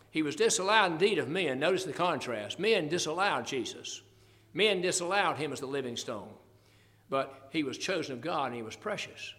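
An older man delivers a sermon in a fairly high voice. He expounds scripture earnestly, with folksy asides between verses. His voice rings out with a long reverb, as in a hall. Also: a bit bright. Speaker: preacher.

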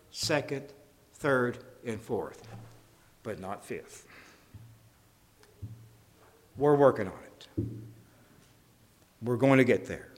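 Folksy preacher in a reverberant hall. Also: male voice, medium pitch. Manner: folksy, jokey, acts out conversations. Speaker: pastor. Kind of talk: sermon.

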